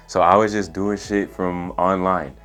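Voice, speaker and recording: Laid-back young man with a soft, low voice. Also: level tone, measured pace. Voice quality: soft, soothing voice. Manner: laid-back, profane slang, says "bro" and "like" a lot. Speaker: storytelling vlogger. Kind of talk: casual storytelling. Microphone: USB studio microphone.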